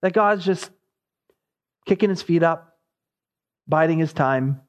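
A man's voice: on the high side, slow pace. A man preaching an expository sermon, his voice rising sharply as he voices the prophet's cries.

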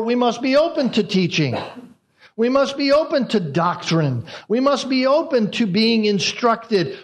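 Pastor guy preaching, kinda high voice, slow and deliberate, says stuff twice for emphasis. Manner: deliberate, repeats key phrases for emphasis. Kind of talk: expository sermon.

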